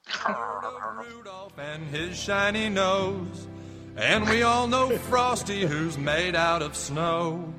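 A man's voice: lively intonation, slow pace. A man voicing a cheerful singing Christmas poo in a cartoon song. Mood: jolly singing. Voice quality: high sing-song cartoon voice. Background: loud cartoon music.

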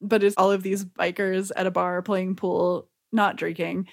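A young woman with a mid-pitched voice talks over a cartoon with a friend. Her remarks are wry and dry, and she laughs along easily. The talk is loose and unscripted. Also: level tone, unhurried, gravelly. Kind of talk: casual chat recapping a cartoon.

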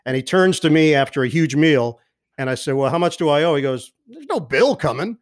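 A man who works as a sports broadcaster, telling lively anecdotes as a podcast guest and mimicking the people in them. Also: on the high side, a little fast, smooth. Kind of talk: animated storytelling in a podcast interview.

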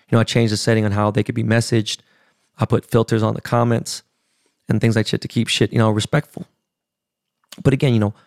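A man's voice: mid-range voice, creaky, a little mellow, no room sound, studio quality. A middle-aged man hosting a podcast, telling a personal family story in a candid, emotional way with casual profanity. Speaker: podcast host.

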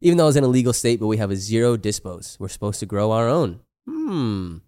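A man's voice: lowish voice, sing-song, fast talker, dark tone. A young man co-hosting a casual podcast, laid-back and laughing often as he reads out comments, swearing freely. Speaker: podcast co-host. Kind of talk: casual chat reading comments.

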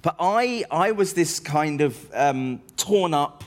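A man's voice: a little high, expressive, slow pace. A man, a comedian telling rambling, self-deprecating stories as an interview guest. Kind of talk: anecdotal interview chat.

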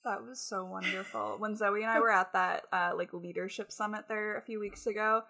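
A woman's voice: mid-range voice, steady tone, brisk, sharp tone. A young woman co-hosting a podcast, teasing her co-host with playful banter and laughter. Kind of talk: casual chat.

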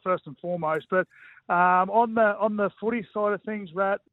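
Calling in as a radio guest, this Australian man in his forties, once a rugby league footballer, talks casually with plenty of fillers and self-mockery. He has a high-pitched voice at normal speed, and the phone recording is tinny and dry.

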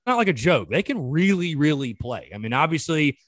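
A man, hosting a podcast in a relaxed, casual chat and often repeating his words. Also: fairly high pitch, brisk, over music. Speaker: podcast host.

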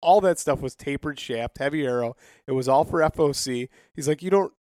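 A man's voice: mid-range voice, a little fast, a little mellow, dry recording. Guy hosting a hunting podcast, chatty storyteller, laughs a lot, dry sound. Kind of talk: casual chat.

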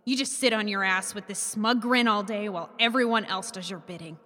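An actress playing a blunt, profane young changeling who bargains with a fae ruler in an audio drama. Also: female voice, mid-range voice, fairly quick, in a large hall, natural voice. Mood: bargaining. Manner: blunt, sharp-tongued, profane.

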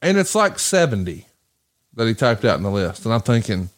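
Fairly low-pitched and fairly quick, this man hosts a podcast and tells a story in casual conversation. He curses a lot and animatedly acts out quoted voices.

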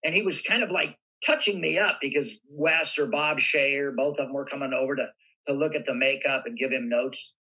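An older man from Southern California, a guest actor telling animated stories in a podcast interview and acting out voices now and then. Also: mid-range voice, normal speed, husky, rough recording. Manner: animated anecdotes with acted-out voices.

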